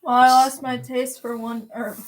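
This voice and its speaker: A woman off camera chimes in with short remarks from across the room. Her voice sits a bit high. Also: level tone, normal speed.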